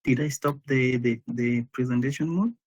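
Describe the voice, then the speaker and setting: A man, a guest speaker, chatting casually before a live online session, talking in a hesitant, halting way with frequent restarts over a video call. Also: mid-range voice. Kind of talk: casual pre-show chat.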